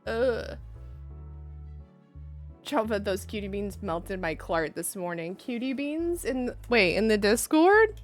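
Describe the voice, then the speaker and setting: A woman's voice: medium pitch, expressive, slow pace, pauses often, soft background music. A young woman streaming live, chatting in a bubbly, giggly way and greeting viewers by name. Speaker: livestreamer. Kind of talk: casual live-stream chat.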